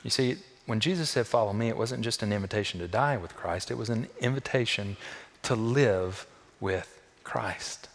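A male pastor preaching a sermon in a church, with emphatic repeated phrases and sudden swings between quiet and loud. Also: lowish voice, moderate pace. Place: church sanctuary. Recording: long echo of a large hall.

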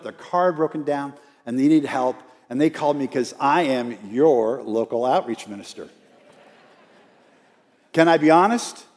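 In a church sanctuary with long hall reverb, a man preaches a story-driven sermon as an outreach minister, urging the congregation to echo his lines. His voice leans high, with a darkish tone.

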